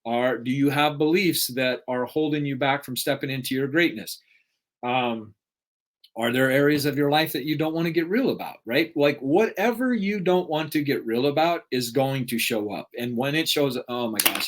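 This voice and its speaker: A man's voice: mid-range voice, normal speed, fairly bright tone. A middle-aged man giving an unscripted motivational talk, earnest, repeating questions for emphasis and often asking "right?". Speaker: motivational speaker.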